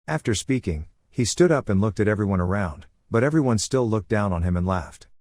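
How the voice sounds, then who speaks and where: A man narrating a comic recap in one even reading voice. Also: lowish voice, brisk, no room sound, studio quality.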